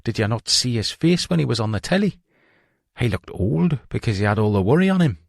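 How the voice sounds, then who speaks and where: A man voicing a remorseful middle-aged man with a Geordie accent, confessing to police in halting, rueful phrases. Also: mid-range voice, very animated, gravelly, no echo, clean studio sound, pitched above the performer's own voice. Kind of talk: audiobook reading.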